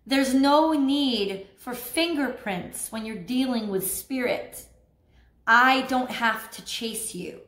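A woman with a high voice talks through a tarot reading in a loose, chatty way. She is animated and laughs often. The sound has a roomy echo. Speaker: tarot reader. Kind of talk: casual spoken tarot reading.

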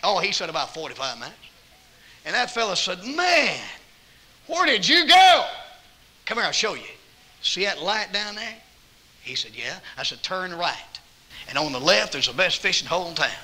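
Lively, bright-voiced Southern preacher. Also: male voice, fairly high pitch, a little fast, low-quality recording. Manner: folksy anecdotes, quoting himself and others, bursts of loud emphasis. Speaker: evangelist preacher. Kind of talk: sermon with storytelling. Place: church auditorium.

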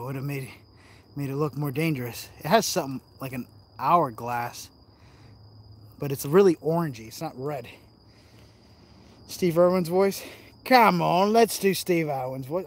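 A man vlogging while he explores outdoors, joking around and talking straight to his viewers as he films on a handheld phone. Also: on the high side. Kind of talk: casual vlog commentary while exploring. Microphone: handheld phone camera.

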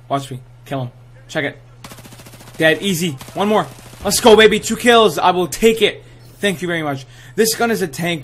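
A young man with a slightly high voice narrates his own gameplay live, hyped and trash-talking. He drops gamer slang constantly. A faint noise sits under the recording. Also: a bit bright. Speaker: gaming channel host.

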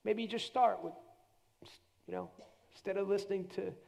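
A middle-aged man preaching at a church conference. His voice sits high and has a gravelly fry to it. He preaches with animation and drops low and quiet when he acts out prayers. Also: fairly even intonation, moderate pace. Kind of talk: sermon.

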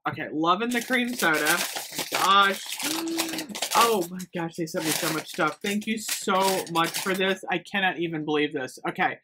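A woman reviewing scented products in an excited, gushing chat, gasping and saying "oh my gosh" often. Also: lowish voice, slight background noise. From United States. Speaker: beauty haul vlogger.

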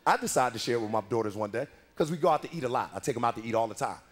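A male stand-up comedian in his thirties telling profane, animated stories about his daughters on a club stage. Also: mid-range voice, rapid-fire. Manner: profane, animated storytelling with voices.

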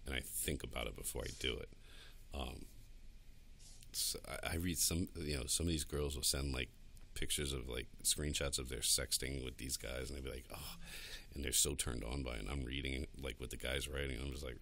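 A man's voice: extremely low pitch, fairly even intonation, fairly quick, vocal fry, pushed and bright. A man co-hosting a podcast in a studio, talking crudely and boastfully with lots of laughter. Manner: profane, boastful, laughs a lot. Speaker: podcast co-host. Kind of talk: crude casual chat. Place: recording studio.

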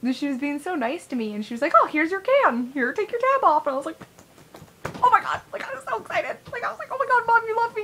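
A young woman telling a rambling, profanity-filled story in a casual vlog, full of fillers and excited squeals. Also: medium pitch. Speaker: vlogger.

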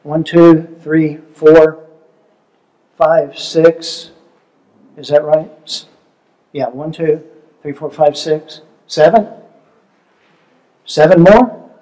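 An older man leads a relationship seminar in an easy, conversational way. His voice sits a little higher than most men's, and he tells homely stories while checking in with his listeners. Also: steady tone, very slow, long pauses, mellow, rough recording. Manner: conversational, storytelling, asks audience questions. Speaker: seminar speaker.

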